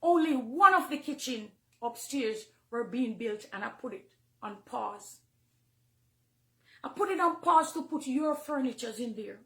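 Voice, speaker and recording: A woman with a Jamaican accent, a minister speaking emotionally to her followers, swinging between hushed confiding and loud, heated outbursts. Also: fairly high pitch, measured pace, echoey room. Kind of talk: emotional personal address to followers.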